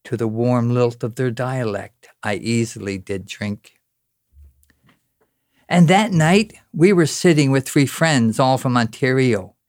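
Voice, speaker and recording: A man's voice: medium pitch, dry recording, clean studio sound. Newfoundland man reciting a rhyming tale. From Newfoundland, Canada. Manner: rhythmic, dramatic recital with rising, exclaiming lines. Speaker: storyteller. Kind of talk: spoken-word rhyming poem recitation.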